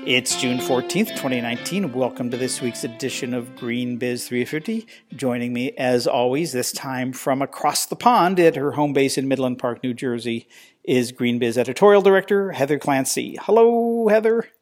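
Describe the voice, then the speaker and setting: A man's voice: medium pitch, moderate pace, soft background music. A middle-aged man hosting a podcast, talking in a chatty, rambling way with many fillers. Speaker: podcast host. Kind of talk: casual podcast chat.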